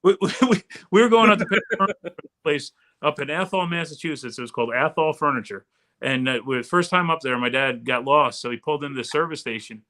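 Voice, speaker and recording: Guy with a bright, forceful voice, spinning a yarn, kinda high. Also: fast talker. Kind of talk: casual chat, storytelling.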